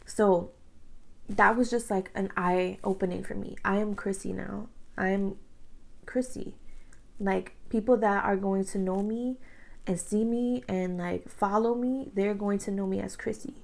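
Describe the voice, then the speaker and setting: Her voice gravelly and mid-range, a woman of thirty who makes beauty videos talks to camera in an unhurried, steady way about personal, emotional matters. She's earnest and repetitive, saying "like" often. The camera mic gives a low-quality recording.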